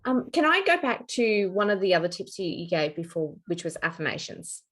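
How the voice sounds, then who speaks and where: A woman podcast host asking thoughtful questions and warmly affirming her guest's points. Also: lowish voice, sing-song, fairly quick. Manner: affirming, thoughtful, frequent agreeing. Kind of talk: interview conversation.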